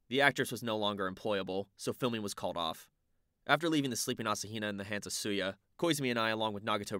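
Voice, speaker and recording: A man's voice: fairly low pitch, pushed and bright, no echo, studio quality. A man narrating an audiobook dramatically in the first person, with a wry, exasperated manner.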